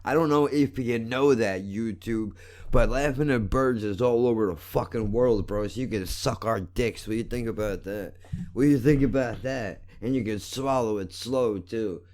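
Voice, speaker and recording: A man ranting angrily and profanely into his podcast mic at home, repeating himself and swinging between shouting and muttering. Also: mid-range voice, moderate pace. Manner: loud, repetitive, swearing, swings from shouting to muttering. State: agitated. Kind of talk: angry profane rant. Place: home, living room.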